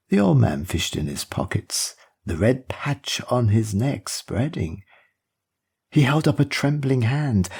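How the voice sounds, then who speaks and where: A man narrating an audiobook in a measured, expressive storytelling manner. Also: lowish voice, gravelly, breathy edge. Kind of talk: scripted narration.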